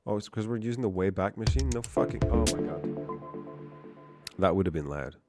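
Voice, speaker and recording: A man's voice: lowish voice, lively intonation, moderate pace, over loud music. A male streamer reading course text aloud on a live stream and breaking off into profane, exasperated asides.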